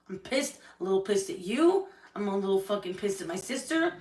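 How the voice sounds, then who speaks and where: A woman's voice: medium pitch, animated, fairly quick, few pauses, a little mellow, recorded from a distance. A woman venting angrily and tearfully on a livestream, swearing often as she speaks about her family and her hurt. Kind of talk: emotional livestream rant. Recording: echoey room, voice from the mic.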